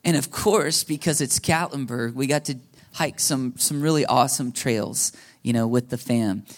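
Man, 30s, pastor, relaxed sermon storytelling, middle pitch, asks the audience questions. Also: moderate pace. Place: church hall before a congregation.

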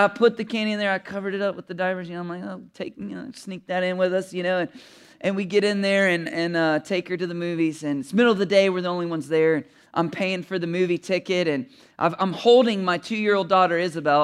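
A pastor in his thirties preaches with a chatty, joking delivery and keeps turning to the audience with questions. His voice sits fairly high and comes across smooth and resonant. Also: fairly bright tone. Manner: conversational and humorous, asks the audience questions, often chuckles. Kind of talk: sermon with personal storytelling.

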